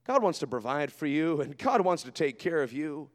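A man preaching a sermon as pastor in a church, swinging between quiet asides and shouted fervor. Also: a little high, big pitch swings, normal speed, hardly any pauses. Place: church sanctuary. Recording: long hall reverb.

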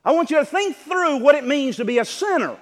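A man preaching a sermon as pastor of his church, emphatic and building to near shouts. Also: very high-pitched, lively intonation, a little fast. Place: church sanctuary. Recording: long church reverb.

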